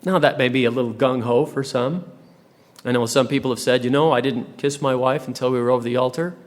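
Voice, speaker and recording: A man's voice: mid-range voice, steady tone. A man giving a humorous devotional talk to young people, full of rhetorical questions and playful asides. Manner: joking asides, rhetorical questions, dramatic pauses. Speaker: church speaker. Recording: live talk in a large hall with long reverb.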